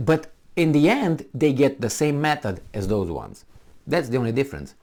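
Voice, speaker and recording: A man's voice: medium pitch, sing-song, moderate pace, darkish tone. A middle-aged man giving a combative, sarcastic commentary full of rhetorical questions. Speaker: political commentator. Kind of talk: ranting commentary.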